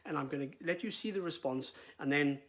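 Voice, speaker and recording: A man's voice: on the high side, a little fast, a bit bright. A middle-aged man, a veterinarian explaining in casual talk, with frequent fillers and repeated words.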